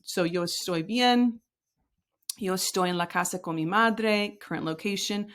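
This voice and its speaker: A woman's voice: medium pitch, moderate pace, a bit bright. A woman teaching a recorded lesson, explaining step by step and modeling example sentences aloud. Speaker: Spanish teacher.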